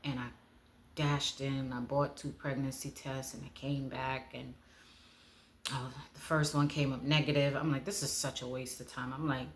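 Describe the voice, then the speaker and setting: A woman giving a personal testimony, speaking in a heartfelt way and often dropping to a hush. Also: a bass voice, little pitch movement, moderate pace, a little hiss or hum. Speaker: speaker sharing her testimony.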